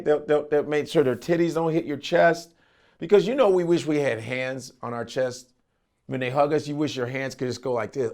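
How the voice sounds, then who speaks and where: Gravelly comedian acting out stories. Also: male voice, on the high side, brisk, darkish tone. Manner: profane, jumps into exaggerated impressions. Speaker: comedian guest. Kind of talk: animated storytelling with acted-out voices.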